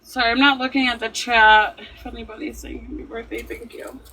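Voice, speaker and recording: A woman in her thirties chatting on a live stream from her workplace, laid-back and unhurried. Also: a little high, flat delivery, sharp tone. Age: 30s. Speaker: livestream guest. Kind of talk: casual chat on a live stream. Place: at her workplace, in an empty room. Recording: echoey room, distant from the mic, faint noise.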